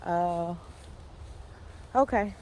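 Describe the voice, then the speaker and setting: A woman's voice: on the low side, very slow, a little mellow, a little hiss or hum. A woman giving a casual walking tour of a cemetery, talking to viewers through a handheld phone, chatty and apologizing for her cursing. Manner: chatty, apologizes for cursing, exclaims when startled. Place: outdoors in a windy cemetery. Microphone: handheld phone camera.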